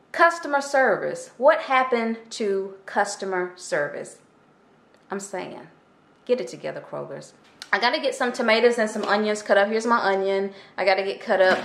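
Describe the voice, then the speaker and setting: A woman's voice: medium pitch, fairly bright tone. A middle-aged woman, chatting animatedly and indignantly in a casual vlog from her home kitchen, recorded on a handheld camera. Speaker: vlogger.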